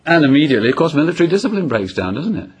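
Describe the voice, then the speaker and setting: A man's voice: fairly high pitch, very animated, rapid-fire, breathy edge. A man preaching an expository sermon, asking the congregation rhetorical questions and illustrating points with personal anecdotes.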